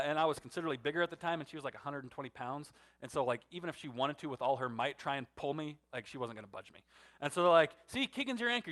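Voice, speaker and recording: Guy pastor in his 30s preaching, kinda high voice, gets loud then drops real quiet. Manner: storytelling, swings from loud emphatic to hushed and soft. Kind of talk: sermon.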